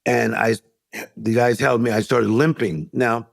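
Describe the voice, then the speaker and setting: A man's voice: medium pitch, steady tone, measured pace, gravelly, no echo. A middle-aged man, a life coach guest, telling a story in an interview and acting out the voices of the people in it. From United States.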